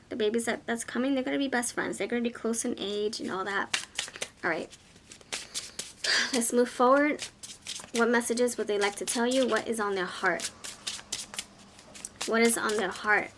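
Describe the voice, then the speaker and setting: A woman doing a tarot reading straight to her viewers. Her voice sits a little high for a woman, and she talks in a gushing, exclamatory way, repeating words as she works through the cards. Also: a bit bright, a little hiss or hum. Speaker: tarot reader. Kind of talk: pick-a-card tarot reading to camera.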